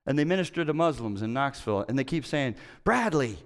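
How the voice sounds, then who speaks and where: A middle-aged man preaching a sermon as pastor, conversational and emphatic, swinging between loud and quiet. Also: mid-range voice, animated, fast talker, clear, resonant tone.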